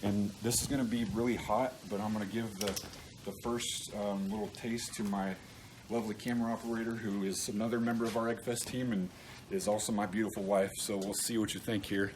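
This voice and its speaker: A man walking through a recipe in a relaxed, folksy way, with plenty of ums and restarts. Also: fairly low pitch, a little fast, noisy background. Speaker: cook team captain demonstrating a recipe. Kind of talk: casual cooking demonstration. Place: outdoor grill setup.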